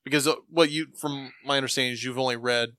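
Male podcast co-host, bright tone, curious questioner, dry sound. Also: medium pitch, fairly even intonation, fast, smooth, dry recording. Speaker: comic book podcast co-host. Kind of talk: casual chat.

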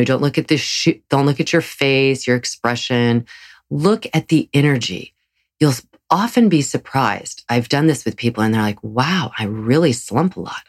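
A woman hosting her own podcast as a yoga teacher, talking earnestly and encouragingly in a solo episode, with frequent restarts. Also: very deep voice.

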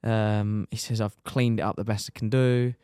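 A young man, a motorcycle racer telling his injury story on a podcast in lively, casual talk, swearing and dropping "mate" often. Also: lowish voice, moderate pace, smooth, no room sound, clean studio sound.

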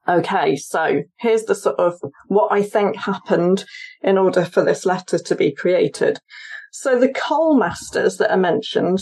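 A woman's voice: fairly low pitch, darkish tone. A woman historian and author, a guest on an interview podcast, explaining her research at length and thinking aloud as she goes. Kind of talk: conversational interview.

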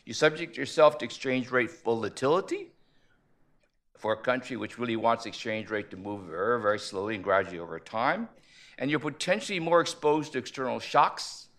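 A man's voice: mid-range voice, animated, fairly bright tone. Man giving an analytical conference talk. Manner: measured, analytical, rhetorical questions. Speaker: panel speaker on economics. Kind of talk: conference presentation.

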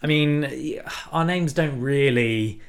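A man's voice: mid-range voice, slow pace, smooth. A man co-hosting a casual comedy podcast, cracking jokes and playing along. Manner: playful, jokey. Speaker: podcast co-host.

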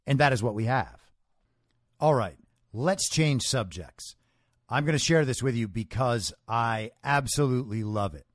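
A man's voice: mid-range voice, no room sound, studio quality. A man hosting a podcast, giving an opinionated solo monologue with emphatic delivery and rhetorical questions. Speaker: podcast host.

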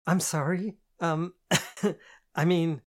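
A man's voice: fairly high pitch, moderate pace, a little mellow, no echo, clean studio sound, lightly acted. A man voicing a nervous, flustered young woman in an audiobook, stammering and hesitant in her replies. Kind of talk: audiobook character voice.

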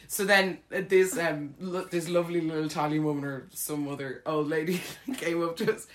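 An Irish woman telling a funny story in casual chat, animated, with frequent laughs and lots of fillers. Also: deep voice, fairly quick, few pauses, slight background noise.

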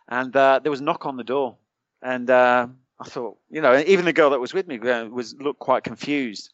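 Animated British man telling a story. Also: mid-range voice, dry recording. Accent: British English. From United Kingdom. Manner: animated, colloquial, acts out other people's lines. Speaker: podcast guest, former special forces soldier. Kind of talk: anecdotal storytelling. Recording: dry, slightly dull sound.

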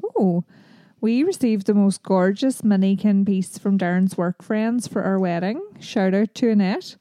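An Irish woman co-hosting a podcast, relaxed in casual chat and quick to laugh. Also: medium pitch, no echo, clean studio sound. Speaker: podcast co-host.

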